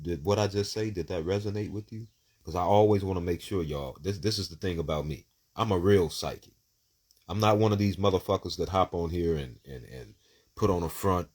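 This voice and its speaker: A man giving casual live psychic readings to viewers. He talks in an emphatic, preachy way, swears freely, and repeats words and lists in bursts. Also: sits low.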